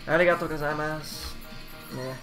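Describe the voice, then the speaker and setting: Man, rambling, swearing, slightly high voice, faint background music. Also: fairly even intonation, brisk. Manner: rambling, swears, mumbles while reading aloud. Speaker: vlogger. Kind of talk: casual self-taught language study.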